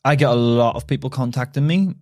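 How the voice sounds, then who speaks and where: A man's voice: mid-range voice, brisk, darkish tone, no echo. Northern Irish man, casual podcast guest, talkative, frequent "you know", dry recording. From Northern Ireland. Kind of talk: casual interview chat.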